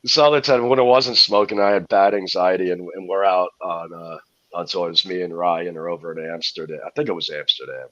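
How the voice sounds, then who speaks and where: This man, a touring musician appearing as a podcast guest, speaks in a low, steady voice at a fairly quick clip with a sharp edge. He rambles through loose, profane stories and laughs his way through them. The lo-fi recording has no echo.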